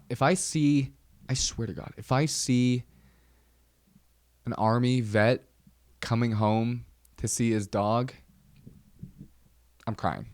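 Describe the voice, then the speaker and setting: A man's voice: medium pitch, a little mellow, no room sound, clean studio sound. A young man hosting a podcast, rambling casually with self-deprecating jokes and lots of ums. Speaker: podcast host. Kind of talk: casual solo podcast monologue.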